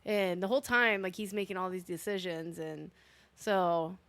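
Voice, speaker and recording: A young woman in casual chat, animated and profane, quoting characters in put-on voices. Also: on the low side, moderate pace, no echo.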